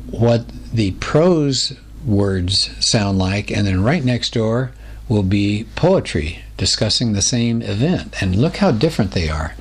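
A man's voice: on the low side, slightly rough. A man teaching a recorded Bible lesson, explaining patterns and reading scripture aloud, often asking his listeners rhetorical questions.

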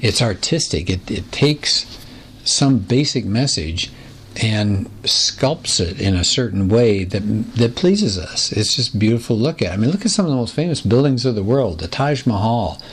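Male Bible teacher, low voice, unhurried explanatory delivery, faint hiss behind him. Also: animated. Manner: explanatory, asks rhetorical questions, reads scripture slowly. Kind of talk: recorded Bible lesson.

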